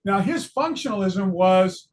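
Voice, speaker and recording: A man's voice: high-pitched, animated, a little slow. An older retired man giving a casual psychology lesson, chatty and joking about himself, with many ums and restarts. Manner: chatty, self-deprecating, many fillers and restarts. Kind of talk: casual lecture video.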